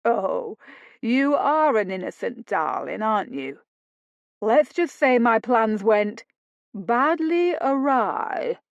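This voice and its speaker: A woman's voice: mid-range voice, very animated, a little slow, vocal fry, dry recording. A woman reading an audiobook, voicing a mocking, sardonic roguish man with a drawling sarcasm. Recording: dull dry lo-fi studio read.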